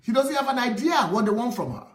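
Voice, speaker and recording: A man, a pastor commenting on a video in an impassioned, repetitive way that rises to shouts. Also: very high-pitched, lively intonation, fast talker. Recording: roomy echo.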